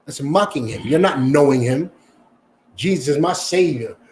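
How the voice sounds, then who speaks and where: A man's voice: fairly high pitch, expressive, normal speed, darkish tone, slight background noise. A male preacher giving a confrontational sermon, lecturing in a profane style and asking "You understand?" again and again. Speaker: preacher and teacher.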